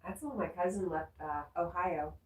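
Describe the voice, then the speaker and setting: A woman hosts a casual home livestream, reading viewer comments aloud and answering them one by one. Her voice sits low and unhurried. She is set back from the mic in an echoey room with a faint hum of ambience behind her. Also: darkish tone. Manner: reads viewer comments aloud, breaks off to scold her dog. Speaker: livestream host reading chat. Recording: roomy echo, distant from the mic, faint ambient noise.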